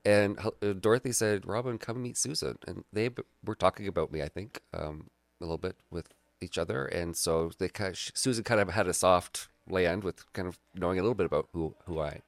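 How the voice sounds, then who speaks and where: Deep, gravelly man, reflective. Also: brisk, no room sound. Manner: reflective, searching for words. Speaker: guest artist. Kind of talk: casual podcast conversation.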